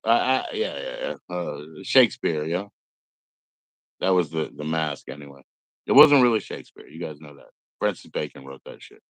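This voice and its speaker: Heard on a low-quality recording with no room sound, the livestream host is a middle-aged man whose voice is fairly low yet fairly bright. He rambles on, swears, and lampoons other people by mimicking them in put-on voices.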